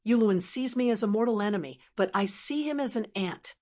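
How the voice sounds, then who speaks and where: A woman voicing a proud, cool young dragon queen in an audiobook, talking flat and matter-of-fact. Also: mid-range voice, a little fast, close to an everyday voice. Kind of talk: audiobook narration.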